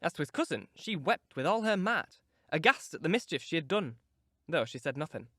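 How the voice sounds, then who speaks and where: A man's voice: fairly high pitch, sing-song, brisk, fairly bright tone, dry recording. Man narrating an audiobook, dry and close. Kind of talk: scripted narration.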